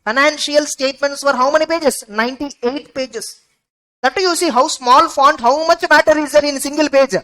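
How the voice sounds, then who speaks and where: A woman's voice: sits high, moderate pace, a bit bright, low-quality recording. A woman tutor, giving a revision lecture and firing rhetorical questions she answers herself. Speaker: accounting exam tutor.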